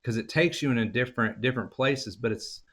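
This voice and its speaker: A man's voice: mid-range voice, a little fast, a bit bright. A man with an Oklahoma accent hosting a podcast, chatty and rambling, often restarting his sentences. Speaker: podcast host. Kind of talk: casual interview chat.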